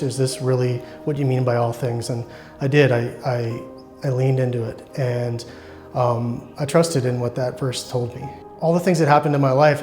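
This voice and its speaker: A man of ordinary pitch tells a personal faith testimony, earnest and reflective, often pausing and starting over. Music plays clearly underneath his voice. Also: a little mellow. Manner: earnest, reflective, halting with restarts. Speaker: church member sharing testimony.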